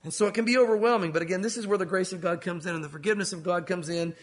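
High-voiced man preaching a sermon. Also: steady tone, racing. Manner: earnest preaching, acts out voices of people in the story. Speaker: pastor.

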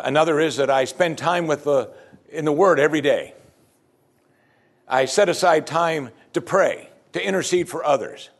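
A male pastor preaching a sermon, building emphasis and pressing his listeners with pointed questions. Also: on the high side.

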